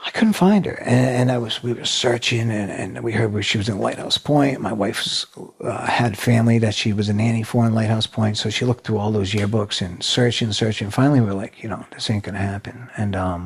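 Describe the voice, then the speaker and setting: Gravelly, husky man telling his story. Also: fairly low pitch. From New England. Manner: blunt, swears freely, emotional retelling. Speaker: podcast guest. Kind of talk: candid conversational storytelling.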